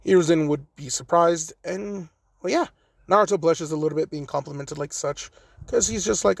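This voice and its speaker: A man casually narrating a fan-made story, rambling along with frequent fillers. His voice sits a little high for a man. The recording is dry and close on the mic. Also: normal speed, vocal fry, dry recording. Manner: rambling, many "you know" fillers.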